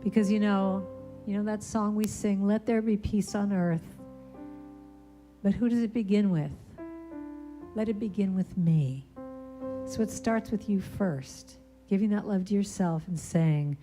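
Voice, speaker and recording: A woman's voice: mid-range voice, measured pace, long pauses, dark tone, faint music behind. A woman speaker giving a conversational sermon at a church, telling stories and breaking into short sung lines. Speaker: guest speaker and singer. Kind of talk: storytelling sermon talk. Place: church sanctuary.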